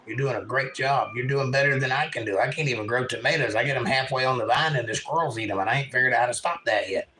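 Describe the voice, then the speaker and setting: A man's voice: mid-range voice, fast, few pauses, sharp tone, low-quality recording. A man from eastern North Carolina with a Southern accent, hosting a casual livestream at home and reading chat messages aloud in a folksy way.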